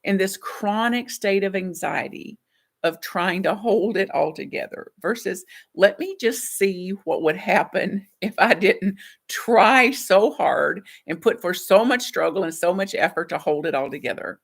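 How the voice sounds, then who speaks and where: A middle-aged woman preaches a gentle, reflective sermon. Her voice sits a little low and carries a gravelly rasp. She talks softly and laughs now and then. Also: measured pace. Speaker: minister.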